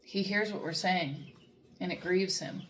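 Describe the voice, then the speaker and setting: A woman's voice: fairly low pitch, a little slow, a bit bright, slight background noise. A woman who works as a dog trainer, talking earnestly about faith and self-talk in a rambling way, with many fillers and restarts. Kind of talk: reflective faith talk to camera.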